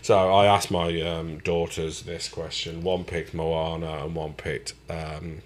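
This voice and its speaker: Deep-voiced man, slangy banter. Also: little pitch movement, takes it slowly, noisy background. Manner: slangy, swearing, laughs loudly. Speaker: podcast co-host. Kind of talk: casual chat.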